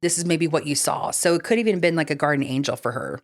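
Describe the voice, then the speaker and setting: A woman co-hosting a casual paranormal podcast, animated and swearing casually, reading online stories aloud. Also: sits low, fast. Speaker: podcast co-host.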